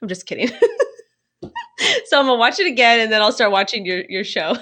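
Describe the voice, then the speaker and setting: A woman co-hosts a casual podcast chat, spinning a story with a playful, chatty flow full of "like." Her voice sounds bright and crisp. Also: fairly high pitch, a little fast. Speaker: podcast co-host.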